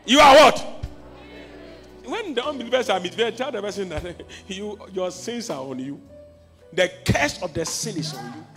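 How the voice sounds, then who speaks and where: High, lively Ghanaian preacher. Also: male voice, brisk, music in the background. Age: 40s. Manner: impassioned preaching that swings from hushed storytelling to shouting. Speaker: pastor. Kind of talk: sermon.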